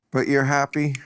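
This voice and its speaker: A man's voice: medium pitch, background noise. An older man hosting a podcast, chatting casually in a blunt, wry way and laughing often. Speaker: podcast host. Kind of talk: casual chat.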